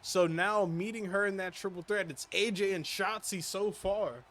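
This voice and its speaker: A man with a Southern US accent doing casual video game commentary with a co-host, playful and quick to laugh. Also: high voice. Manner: playful, laughs often, talks excitedly in bursts.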